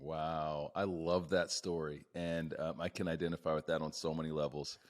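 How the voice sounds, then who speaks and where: A man's voice: a bass voice, level tone, normal speed. A man hosting a sales podcast, asking his guest for a story in a playful, chatty way. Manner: playful, laughs often. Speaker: podcast host. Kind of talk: casual podcast interview.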